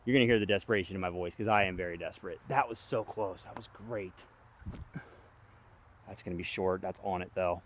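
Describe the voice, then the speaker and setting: Recording himself at an outdoor disc golf course, a young vlogger talks through each throw in a low, brisk voice with slight background noise. He alternates between excited begging and groaning, and insects chirp in the background.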